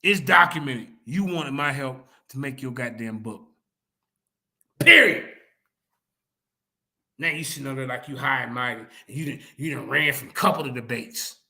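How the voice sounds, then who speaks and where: A man's voice: medium pitch, brisk, creaky, hardly any pauses, sharp tone. A man on an online debate panel, angrily and profanely calling out a rival in a confrontational, repetitive way. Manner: repetitive, emphatic call-outs. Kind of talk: heated online panel argument.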